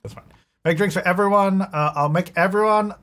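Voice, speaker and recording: A young man casually commenting on his gameplay, chatty and excitable, often talking to the characters on screen. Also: high voice, brisk. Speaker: gaming YouTuber. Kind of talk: casual let's-play commentary.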